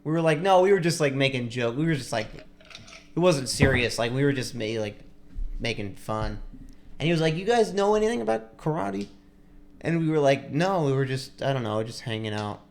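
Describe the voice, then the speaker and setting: A man's voice: mid-range voice, normal speed. A young man on a podcast telling a long story in a casual, rambling way, full of likes and restarts. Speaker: podcast co-host.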